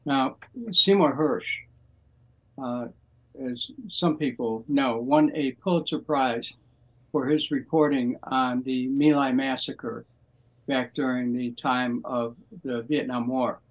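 An older American man, a former congressman, speaking as a guest in a measured, deliberate way with frequent pauses. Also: medium pitch, fairly even intonation, narrow, tinny audio. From United States. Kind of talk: political interview.

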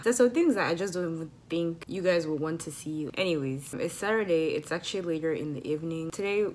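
A young woman chatting casually to camera in a rambling vlog, animated and laughing often. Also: fairly low pitch, a little hiss or hum. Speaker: vlogger. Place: at home and outdoors in sun.

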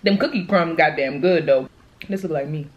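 A woman's voice: sits low, moderate pace, dull audio. Sassy, chatty young woman vlogger. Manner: sassy, chatty, addresses viewers as y'all and boo. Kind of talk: casual food-challenge vlog.

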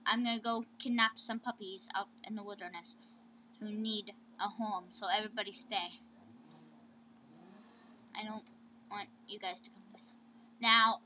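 A woman's voice: fairly high pitch, bright, forceful tone. A woman hosting let's-play commentary, chatting to her pets with sudden squeals, close to a home mic. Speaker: gaming channel host. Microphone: close desk mic. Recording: dull lo-fi recording.

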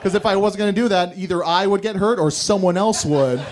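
A young stand-up comedian tells crude, rambling stories that mock himself, with audience laughter behind him. His voice sits high and a little fast, with background noise present.

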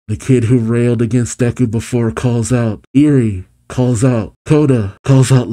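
A man's voice: mid-range voice, fairly even intonation, moderate pace, hardly any pauses, mellow. A man summarizing a manga chapter, reading the dialogue aloud and reacting with open emotion. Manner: reads character lines aloud, then gushes emotionally.

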